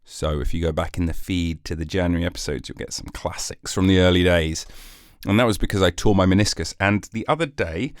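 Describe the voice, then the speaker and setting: A man's voice: deep voice, a little fast, clear, resonant tone, dry recording, clean studio sound. A British man hosting his own podcast, rambling through a jokey, sarcastic solo monologue. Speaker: podcast host.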